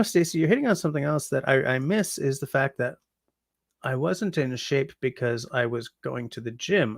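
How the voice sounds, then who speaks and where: A man from Canada in his forties hosts a casual livestream, tired and rambling, reading chat with plenty of ums. His mid-pitched voice has a gravelly grain. The sound is dry and close, with no room echo. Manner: rambling, chatty, yawning, frequent ums.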